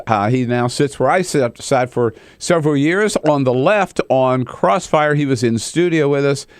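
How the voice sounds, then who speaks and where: A man's voice: medium pitch, dry recording, studio quality. A man hosting a talk show, genial and conversational with easy laughter. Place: radio studio.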